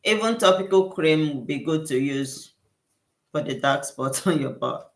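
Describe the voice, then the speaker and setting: In a deep, expressive voice that moves a little slowly, a skincare consultant hosts an informal livestream Q&A. She speaks effusively, repeats points, and thanks viewers again and again. The sound is roomy and echoey.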